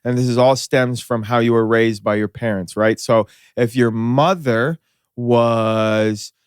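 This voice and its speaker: An animated male comedian on a podcast who tells stories by acting out other people's voices. He swears freely and bursts into loud bits. The recording is close and dry. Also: mid-range voice, unhurried, clear, resonant tone, dry recording. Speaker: comedian guest. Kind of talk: casual chat.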